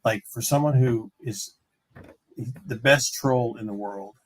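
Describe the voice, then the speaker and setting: A man's voice: medium pitch, slow, no room sound. A man chiming in with wry remarks during a casual roundtable chat.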